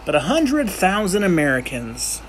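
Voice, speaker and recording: A man's voice: sits high, wildly swooping pitch, moderate pace, slight background noise. A man giving a casual, unscripted history explainer, rambling and joking with frequent restarts and self-corrections. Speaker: amateur history presenter.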